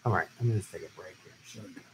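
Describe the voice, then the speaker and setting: This low-voiced middle-aged man talks very fast over poor audio with a slight hiss or hum. Hosting a casual live stream, he reads out viewer questions and answers them with loose, rambling jokes, mentioning he's a vegetarian who travels for work.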